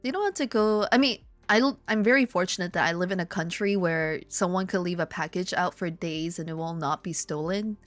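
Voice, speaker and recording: A woman chatting casually with her viewers, telling stories with swearing, laughter and sudden high excited outbursts. She lives in Korea. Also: brisk, few pauses, no room sound. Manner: animated storytelling, swearing, laughing, jumps to high excited exclamations. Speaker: streamer. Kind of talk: casual chat reading viewer comments.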